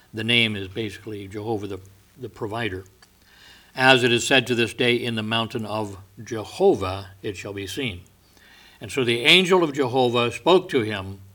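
A man's voice: lowish voice, pushed and bright. A man teaching from the Bible, reading verses with rising emphasis and retelling the stories in casual asides. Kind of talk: sermon.

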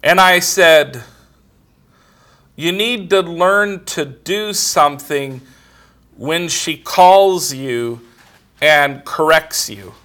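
Very slow and full of long pauses, the high, bright, forceful voice of a middle-aged preacher carries his sermon. He tells everyday stories plainly and conversationally, quoting others' words.

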